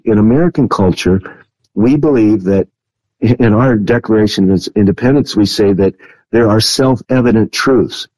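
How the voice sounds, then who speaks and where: A man with a lowish, mellow voice explains his views in a measured, earnest way, pausing often to find his words. The sound is close and dry. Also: no room sound, rough recording. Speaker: guest. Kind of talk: interview answer on biblical prophecy.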